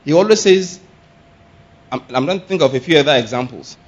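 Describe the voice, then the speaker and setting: A man preaching a sermon, animated and often laughing, firing rhetorical questions and shouting exclamations. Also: a little high, brisk, breathy edge. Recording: dull lo-fi sound.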